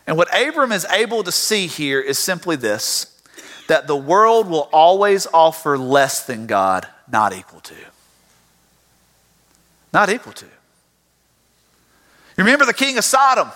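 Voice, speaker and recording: A man preaching with a high, bright voice that swings widely in pitch. He tells stories with lively acted voices, and the sound rings with long hall reverb. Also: a little slow. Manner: animated storytelling, acts out voices. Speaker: pastor. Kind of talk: sermon.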